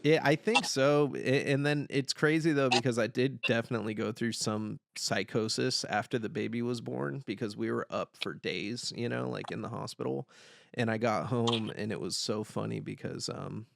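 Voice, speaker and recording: A young man hosting a podcast, telling a story in casual chat, animated and swearing, loudly yelling the lines he quotes. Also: mid-range voice, normal speed, gravelly. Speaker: podcast host.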